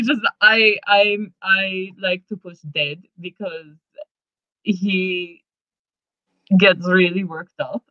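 Give me a woman playing a smitten young rocker who teases the guy he likes, rambling in a soft, coy voice with a vague European accent. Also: fairly low pitch, no echo. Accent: put-on vague European accent. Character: teasing young male musician, coy and smitten. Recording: dull lo-fi podcast mic.

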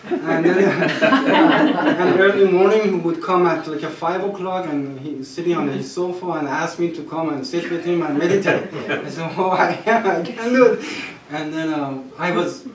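A man with a Persian accent and Persian as his first language, telling personal stories at a gathering, halting and restarting, with soft laughs. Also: fairly high pitch, over a noisy crowd. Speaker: storyteller at a gathering. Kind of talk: personal storytelling. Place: gathering room. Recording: echoey room, mic far off.

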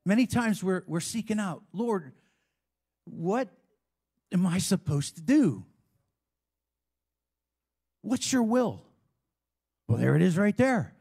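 A man's voice: high voice, big pitch swings, slow, creaky, pauses often, darkish tone, slightly rough. A man preaching a sermon as a pastor, talking in a conversational way with frequent asides and call-and-response with the congregation.

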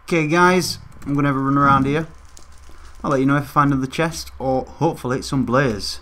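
A man's voice: mid-range voice, a little fast, a bit bright, a little hiss or hum. A young man hosting a gaming channel, chatting casually to his viewers as he plays. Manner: chatty, talks straight to viewers. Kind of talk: casual gameplay commentary.

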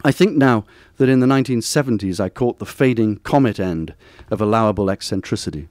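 A man, reading aloud from a personal essay at a bookstore event in a measured, wry, literary way. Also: on the low side, expressive, darkish tone, no echo, clean studio sound. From Durham, northern England. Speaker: author reading from his book.

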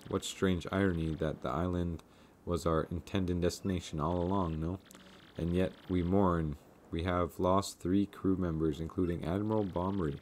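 A man voicing a vain, theatrical male merchant from a video game, with a grandiose, drawn-out lordly delivery. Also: sits low, steady tone, darkish tone, a little hiss or hum, close to an everyday voice. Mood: mournful. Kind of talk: reading game dialogue aloud.

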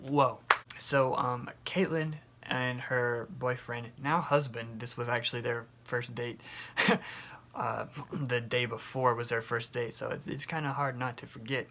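A young man vlogging, telling a personal story in a chatty, animated way with lots of fillers and quoted asides. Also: medium pitch, background noise. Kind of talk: casual storytelling to camera.

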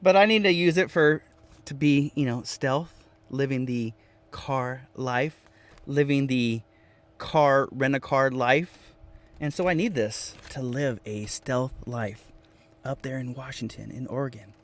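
A man's voice: medium pitch, a little slow. Playful man chatting from his van. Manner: playful, repeats phrases, reads viewer comments aloud. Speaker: vanlife livestream host. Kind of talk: casual live-stream chat reading comments. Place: inside a van.

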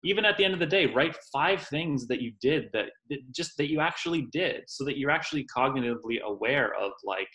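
A man as a podcast guest, speaking calmly and reflectively in casual chat, with some hesitation. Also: medium pitch, brisk, few pauses, low-quality recording.

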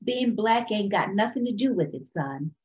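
A woman voicing a loving, firm mother of two boys who speaks low and soothing. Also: expressive, normal speed, darkish tone, muffled recording, lightly acted.

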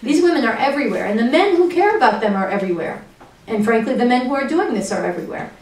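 A fairly high-voiced woman speaks as an activist, urgent and earnest as she tells one story after another. The sound comes from a room with noticeable echo, picked up from some distance off the mic. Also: expressive, fast talker, darkish tone. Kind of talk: impassioned spoken talk.

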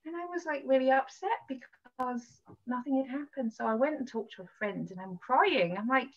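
A woman with a slightly high voice tells a personal faith story in a casual, lively way. She acts out the people she quotes as she goes. Her voice comes through a dull, lo-fi video-call connection. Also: moderate pace, hardly any pauses. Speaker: podcast host sharing a testimony.

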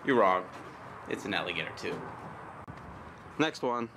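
A man's voice: low-pitched, animated, unhurried, long pauses, background noise. A young man vlogging casually while walking through an outdoor park, joking and ranting in mock exasperation.

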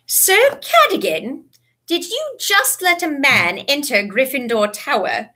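A strict older witch professor from a storybook reading, voiced by a woman. She scolds in slow, clipped phrases. Her tone is bright and sharp. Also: sits high, sing-song, voice pushed up, exaggerated voice. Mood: stern.

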